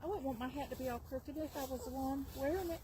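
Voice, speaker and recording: A woman's voice: high voice, quick pace. A woman filming her backyard chickens on a phone, coaxing and chuckling as she talks to her hens. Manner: doting, coaxing talk to her animals, chuckling often. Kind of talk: casual home video chat. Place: outdoors in a backyard chicken yard. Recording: outdoor recording with clear background noise.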